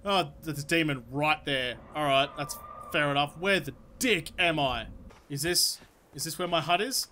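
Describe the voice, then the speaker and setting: A young man commenting on his own gameplay as a let's play host, excitable and swearing constantly while talking to the creatures in the game. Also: fairly high pitch, normal speed, slight background noise.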